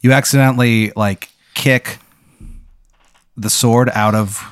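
A man's voice: medium pitch, steady tone, slow, smooth, no room sound, studio quality. A man telling a rambling, absurd hypothetical in casual talk, full of fillers. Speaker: podcast co-host. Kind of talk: casual improvised storytelling.

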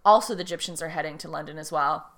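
A woman's voice: sits low, rapid-fire, fairly bright tone. A woman casually recapping a TV episode, rambling and quoting the characters. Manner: rambling retelling with quoted lines and fillers. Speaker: podcast co-host recapping a TV episode. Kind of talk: casual chat.

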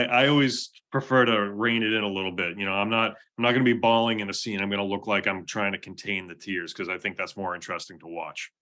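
A man's voice: on the low side, pushed and bright. A man, an actor, talking as an interview guest, earnest and reflective, often restarting and laughing. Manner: reflective storytelling. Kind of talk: casual conversational interview.

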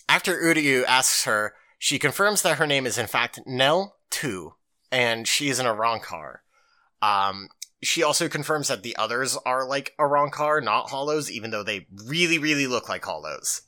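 A man in casual podcast chat, loose and animated as he recaps the episode and swears freely. His voice swings widely in pitch and has a bright, forceful edge. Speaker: podcast co-host.

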